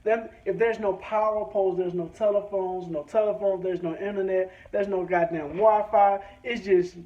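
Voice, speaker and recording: A high-pitched man speaking at normal speed tells a profane, animated story for his vlog as he drives. He's from a rural country town, crude and swearing freely, and the recording is dull lo-fi with faint background noise.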